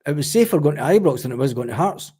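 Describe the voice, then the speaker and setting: A Scottish man swapping swearing, animated anecdotes in a casual podcast chat. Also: a little high, fast talker. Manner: animated storyteller, swears freely. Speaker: podcast guest or panelist.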